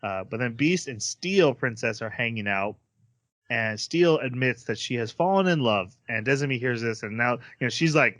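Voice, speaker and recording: A man's voice: medium pitch, lively intonation, normal speed, a bit bright, no echo, clean studio sound. A man co-hosting a podcast, casually recapping an anime's plot and quoting the characters' lines. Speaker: podcast co-host.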